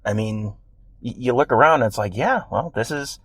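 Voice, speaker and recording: A man's voice: mid-range voice, animated, moderate pace, breathy edge, no echo. A man co-hosting a sports podcast in casual, rambling chat with wry self-deprecating jokes. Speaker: podcast co-host.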